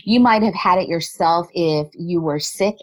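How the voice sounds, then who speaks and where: A woman in a remote interview, a body language specialist, explaining her points in a lively way and laughing often. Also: fairly low pitch, moderate pace, poor audio. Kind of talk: conversational interview.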